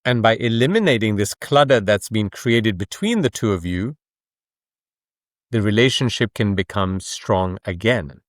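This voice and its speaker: A man's voice: on the low side, lively intonation, a little slow, no echo, studio quality. Emphatic male guest explaining ideas. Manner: explanatory, emphatic, uses rhetorical questions. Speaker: author and coach, podcast guest. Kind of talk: conversational interview.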